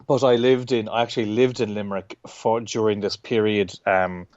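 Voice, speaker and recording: Irish guest in his thirties: relaxed, rambling, salty, dry close mic. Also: fairly low pitch, normal speed, dry recording, dull audio. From Ireland. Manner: rambling, self-interrupting, swears casually. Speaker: guest comic artist. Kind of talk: casual interview chat.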